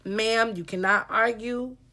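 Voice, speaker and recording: A woman's voice: on the high side, fairly even intonation, takes it slowly, bright, forceful tone. A woman giving opinionated reaction commentary in a lecturing, casual way.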